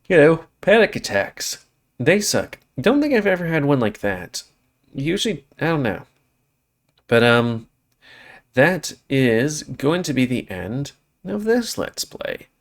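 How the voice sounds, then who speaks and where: A man's voice: medium pitch, gravelly. A man hosting a let's play, reading a visual novel aloud dramatically and then chatting casually.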